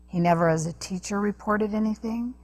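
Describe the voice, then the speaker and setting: A woman guest on an interview show, telling a personal story earnestly, with halting restarts. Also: mid-range voice, a little mellow. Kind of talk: personal testimony in a talk interview.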